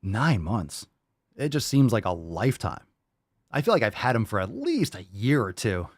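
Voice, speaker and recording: A man's voice: lowish voice, sing-song, normal speed, no room sound, studio quality. A young man hosting a podcast, talking loosely and casually, laughing often and swearing freely. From Florida. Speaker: podcast host.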